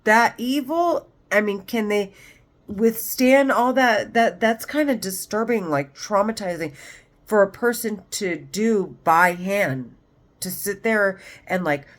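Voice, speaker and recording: A woman's voice: mid-range voice, takes it slowly. Agitated, rambling woman vlogging. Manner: agitated, rambling, heavy swearing. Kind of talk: monologue vlog.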